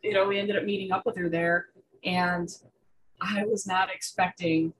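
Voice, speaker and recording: A woman's voice: lowish voice, steady tone, moderate pace, slight background noise, rough recording. Young woman gushing about reptiles. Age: young adult. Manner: chatty, full of fillers and restarts. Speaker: guest artist. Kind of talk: casual interview chat.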